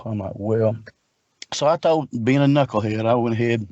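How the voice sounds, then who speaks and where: A man's voice: medium pitch, a little fast, a little mellow, no room sound, lo-fi sound. A middle-aged man telling a long personal story in an earnest, rambling way, often repeating himself. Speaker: guest researcher. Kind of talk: casual storytelling.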